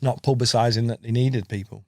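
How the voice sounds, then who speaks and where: A man's voice: medium pitch, steady tone, a little fast, darkish tone, no room sound, clean studio sound. A man, telling rambling fishing stories as a podcast guest, laughing and calling people mate. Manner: rambling, laughing, repeats words, says mate a lot. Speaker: podcast guest, carp angler. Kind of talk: casual storytelling chat.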